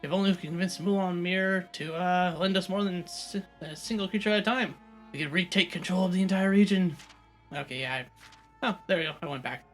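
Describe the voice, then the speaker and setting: Co-hosting a game let's play, a man trades dry, teasing banter and reads in-game documents aloud in casual commentary. His voice is high and a little fast, with faint music in the background.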